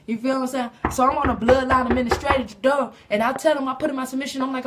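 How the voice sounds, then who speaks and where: A woman livestreaming a profane comic story on her phone, rambling and growing loud and shrill when worked up. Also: fairly even intonation, quick pace, hardly any pauses, noisy background. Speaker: livestream comedian. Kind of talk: comic storytelling on a live stream.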